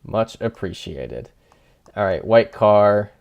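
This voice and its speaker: A man's voice: fairly low pitch, lively intonation, slow pace, creaky, smooth, muffled recording. A man thinking aloud as he streams a game, chatting with his viewers and poking fun at himself. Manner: thinking aloud, chatty and self-deprecating, reading chat. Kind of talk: casual livestream commentary.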